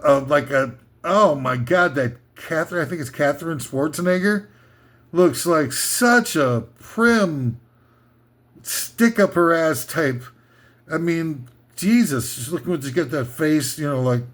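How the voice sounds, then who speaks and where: A man delivering an irreverent comedic rant in a rambling, crude, sarcastic way. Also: on the high side. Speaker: comedy commentator.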